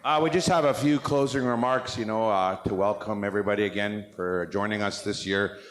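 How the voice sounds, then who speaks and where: Halting man reading out thank-yous. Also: on the low side. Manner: halting, many "uh" fillers, chewing gum. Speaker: powwow organizer and announcer.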